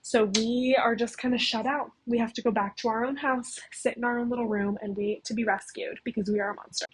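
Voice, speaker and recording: A woman's voice: a little high, fairly even intonation, fairly quick, slightly rough, rough recording. A young woman casually recapping a story plot, chatty and full of "like". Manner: chatty, heavy use of "like". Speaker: video essayist.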